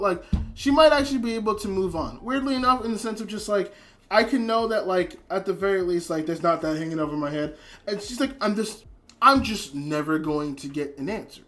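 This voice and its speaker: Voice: mid-range voice, fairly bright tone. A speaker giving a casual spoken anime review, rambling with lots of filler words, restarts and casual swearing. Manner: emotionally invested, trails off and restarts.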